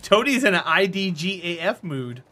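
A man's voice: sits high, sing-song, moderate pace, sharp tone, slight background noise. A man streaming a game, chatting casually and teasing his viewers with jokes. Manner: joking, teasing chat banter.

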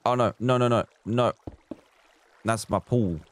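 A man's voice: mid-range voice, measured pace, slight background noise. A man live streaming a building game, chatting casually, reading viewer comments aloud and counting blocks as he works.

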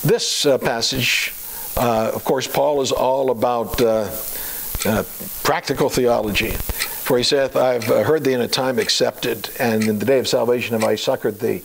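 A man preaching a sermon, chatty and full of fillers and rhetorical questions, slowing down to a deliberate cadence for scripture readings. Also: mid-range voice, vocal fry, slight background noise, rough recording. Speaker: pastor.

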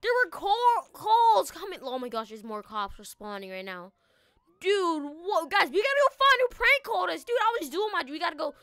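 Brief: woman game commentator, very high and bright, excitable, lots of exclamations. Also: moderate pace, dry recording, studio quality. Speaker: gaming video host. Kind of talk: excitable let's-play commentary.

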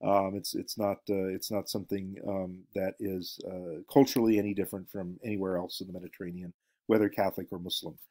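Male lecturer with a low voice, halting and full of fillers, a recorded class talk. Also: flat delivery, mellow. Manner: halting, many fillers and restarts. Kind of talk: recorded lecture, reading aloud from a book.

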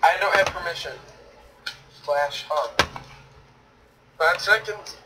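Griping male gamer, slightly high, distant mic with audible background noise. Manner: complaining in quick excited bursts. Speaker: gaming friend. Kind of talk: casual gaming chat.

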